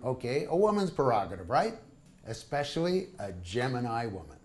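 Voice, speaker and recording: A man's voice: medium pitch, sing-song, normal speed. A man reading his own travel stories aloud to a live audience, wry and full of comic asides. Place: small live performance venue.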